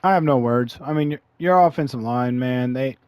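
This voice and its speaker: A man's voice: mid-range voice, normal speed, darkish tone, smooth, no echo. Frustrated man commentating his own game. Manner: frustrated, sighing, grumbling. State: losing his voice. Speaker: gaming channel host. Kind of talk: live gameplay commentary.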